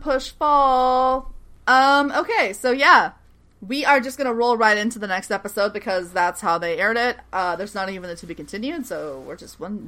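A young woman with a bright, slightly high voice chats casually as a podcast co-host. She keeps laughing through her retelling and slips into quick voices for the characters she quotes. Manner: animated, laughs often, acts out characters' lines while retelling. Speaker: podcast co-host recapping a TV series. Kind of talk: casual chat.

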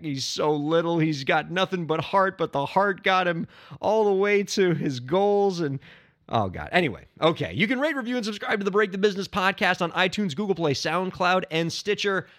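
A male podcast host in a casual solo episode, short of breath and excitable. His voice sits high, and he keeps breaking from easy chat into loud shouting. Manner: excitable, bursts into shouting and chanting.

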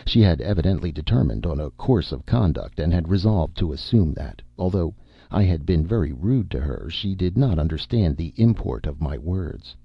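Deep gravelly male storyteller. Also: moderate pace, no room sound, highs cut off. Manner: expressive, melodramatic first-person reading. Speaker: audiobook narrator. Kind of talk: storybook narration.

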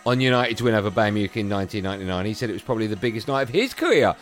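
A man's voice: fairly low pitch, big pitch swings, very fast, faint music behind. A man hosting a radio sports roundup, playful and self-mocking, his sentences rising at the ends. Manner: playful, self-mocking, sing-song rises. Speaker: radio sports show host.

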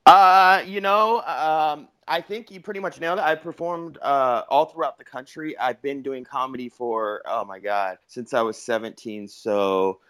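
A man's voice: mid-range voice, steady tone, moderate pace, hardly any pauses, pushed and bright, clean tone. A comedian in his thirties, loose and self-deprecating, chatting as a podcast guest. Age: 30s. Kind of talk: casual interview chat.

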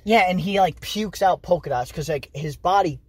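A man co-hosting a casual movie review podcast, laughing and swearing through excited banter. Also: high-pitched, moderate pace, husky, dry recording. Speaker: podcast co-host.

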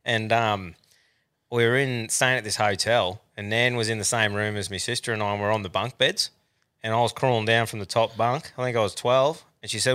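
An Australian man hosts a podcast in a loose, joking chat, full of laughs and swearing. His voice is bright and forward, and the room sounds dry and close. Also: lowish voice, steady tone, fairly quick, smooth, dry recording. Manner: laughs often, swears a lot. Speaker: podcast host. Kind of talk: casual chat.

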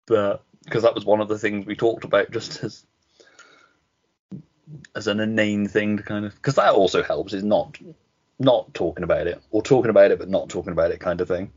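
A man's voice: fairly low pitch, steady tone, fairly quick, a little mellow, husky, highs cut off. A man co-hosting a podcast over a video call, chatting candidly, swearing and laughing through his stories. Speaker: podcast co-host.

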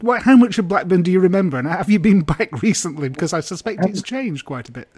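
A man's voice: high voice, lively intonation, fast talker, darkish tone, slightly rough. An older man from East Lancashire hosting a podcast, asking questions casually with plenty of hesitations. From East Lancashire, England. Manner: hesitant questions with many uhs. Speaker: podcast host. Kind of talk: casual interview chat.

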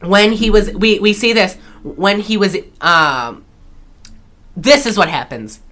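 Bright-voiced woman rambling on a podcast. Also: mid-range voice, expressive, takes it slowly. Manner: rambling, restarts, laughs often. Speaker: podcast co-host. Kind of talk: casual chat recapping a film.

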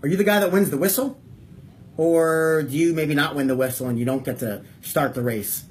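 A male wrestling coach talks to his team on a call, hammering home points with repeated questions. His voice sits a little high for a man. A faint hiss of noise runs under the recording. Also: moderate pace. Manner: emphatic, repeats key points and asks yes-or-no questions.

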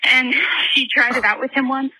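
A woman's voice: sits high, fairly even intonation, moderate pace, sharp tone, rough recording. Giggly woman telling a story on the phone. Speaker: voicemail caller. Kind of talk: storytelling voicemail. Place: outdoors walking a dog.

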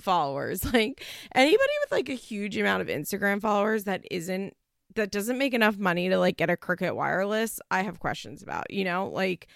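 Young woman gossiping, laughs a lot, kinda gravelly, dry close mic. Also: fairly low pitch, no room sound. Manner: chatty, laughs often, swears casually. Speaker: podcast host recapping a reality show. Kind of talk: casual chat.

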